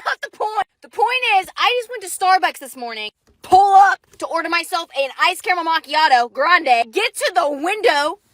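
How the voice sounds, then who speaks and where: A young woman content creator telling funny stories to camera in a dramatic, animated way. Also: sits high, dry recording. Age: young adult. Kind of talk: casual storytelling vlog.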